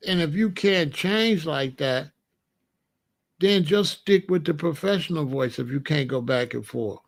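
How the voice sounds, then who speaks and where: A middle-aged American commentator tells a story in a casual monologue, repeating phrases for emphasis. His voice is on the high side and his pace measured.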